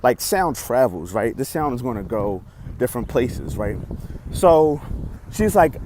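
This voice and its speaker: Young man vlogger, expressive storyteller, mid pitch, faint street noise outside. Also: moderate pace. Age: young adult. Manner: excitable, swings loud and soft, acts out lines. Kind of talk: animated storytelling.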